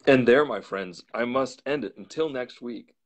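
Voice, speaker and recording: A man hosting a storytelling show, slowly and deliberately reading a classic novel aloud. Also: mid-range voice. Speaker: storyteller host.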